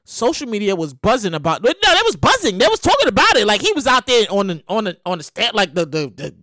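A woman's voice: mid-range voice, sing-song, fast, a bit bright, no room sound, studio quality. A woman hosting a podcast, talking casually and animatedly, cursing freely and acting out scenes with big exaggerated outbursts. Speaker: podcast host. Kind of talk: casual commentary monologue.

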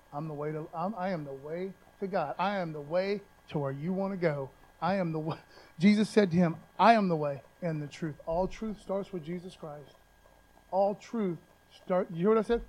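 A man with a noticeably high-pitched voice preaches a relaxed, conversational sermon. He drops in slang and keeps asking his listeners whether they follow him. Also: poor audio. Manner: conversational, loose slang, frequent check-ins with listeners. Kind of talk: casual sermon.

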